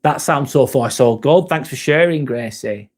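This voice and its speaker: A man's voice: mid-range voice, normal speed. A man hosting a live stream, chatting casually, reading viewer comments aloud and swearing now and then.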